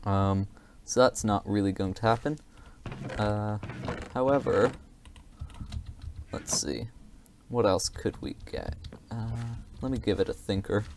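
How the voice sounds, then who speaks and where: A man's voice: lowish voice, takes it slowly, background noise. A man giving casual, rambling gameplay commentary, hesitant and self-deprecating, with many fillers.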